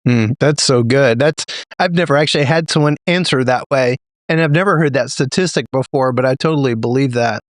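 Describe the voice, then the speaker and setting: A man's voice: medium pitch, a little fast, no echo. A man hosting a podcast interview, earnest and appreciative as he sets up his questions. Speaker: podcast host.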